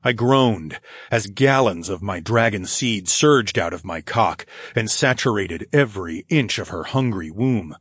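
Husky low-voiced male narrator. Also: a bit bright, no room sound, clean studio sound. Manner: low, intimate delivery with sighs and chuckles. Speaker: audiobook narrator. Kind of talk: scripted first-person romance narration.

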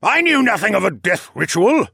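Pompous older lord voiced by a male narrator, blustering demands, raised pitch, dry storybook sound. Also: sing-song, normal speed, creaky, sharp tone, husky, dry recording, heavily acted. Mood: indignant. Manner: demanding, indignant. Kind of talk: audiobook character voice.

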